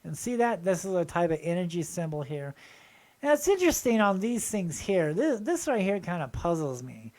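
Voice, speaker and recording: A man's voice: high voice, moderate pace. Male channel host, eager and rambling, talks straight to viewers in a casual show-and-tell. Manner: excited, rambling, addresses viewers directly.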